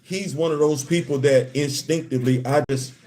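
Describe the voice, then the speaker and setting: Fifties male streamer, casual and laughing, a touch high-pitched, heartfelt asides. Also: steady tone, normal speed, mellow. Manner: laughs often, stammering restarts, heartfelt asides. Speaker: livestream host. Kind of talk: casual live-stream chat.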